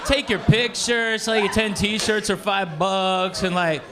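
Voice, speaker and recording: Cocky stand-up comic in noisy club. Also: male voice, high-pitched, fairly even intonation, slow. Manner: cocky, repeats punchlines. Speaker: stand-up comedian. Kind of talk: stand-up comedy.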